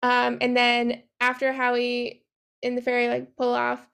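Young woman, high gravelly voice, podcast co-host, casual profane chat, acts out quotes. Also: monotone, fairly bright tone. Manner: chatty, profane, quick asides, acts out characters' lines. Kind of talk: casual chat recapping a movie.

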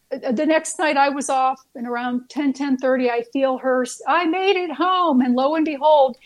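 A nurse, a woman, earnestly telling heartfelt stories as a guest, with frequent fillers and restarts. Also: sits high. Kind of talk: storytelling guest on a talk show.

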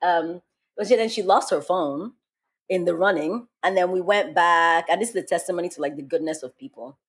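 A husky-voiced woman hosting a podcast, who tells stories casually and with lots of energy. She laughs often and throws her voice into the people she quotes. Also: lowish voice, a little fast. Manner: animated, laughing, acting out quotes. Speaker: podcast host. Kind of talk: casual storytelling.

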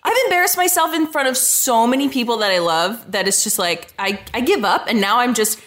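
A woman's voice: on the high side, lively intonation, brisk, fairly bright tone. A woman hosting a podcast, chatting casually with her guest in an upbeat way and laughing readily. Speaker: podcast host. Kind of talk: casual interview chat.

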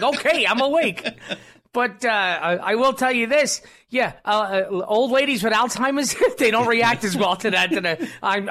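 A talk radio host with a high, bright voice, rambling through his monologue with plenty of fillers and false starts. He pokes fun at himself as he talks into a studio microphone. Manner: rambling, self-deprecating, many fillers and restarts.

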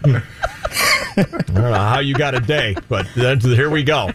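A man co-hosting a morning TV show, teasing his colleagues and drawing out quiz questions in playful studio banter. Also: medium pitch. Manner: teasing, mock-prim, drawn-out questions. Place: TV news studio.

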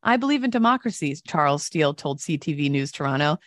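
A woman co-hosting a casual talk show, telling stories and reading news with lively voiced quotes. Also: low voice, fast, no echo, studio quality. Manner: animated storytelling with voiced quotes. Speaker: co-host.

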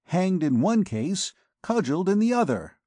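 A man's voice: high voice, big pitch swings, normal speed, dark tone, dry recording, clean studio sound, pitched above the performer's own voice. A man reading an audiobook, voicing a frightened, bewildered young male poet who pleads anxiously.

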